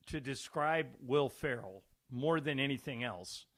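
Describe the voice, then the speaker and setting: A man's voice: mid-range voice, a little slow, dry recording, clean studio sound. A man co-hosting a sports radio show, telling stories in casual banter. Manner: animated storyteller.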